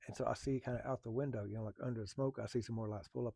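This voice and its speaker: Man, low gravelly voice, dry close sound, candid storytelling with halting pauses and blunt swearing. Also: little pitch movement, mellow, no echo. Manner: blunt, profane, halting with many fillers. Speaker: firefighter telling a personal story.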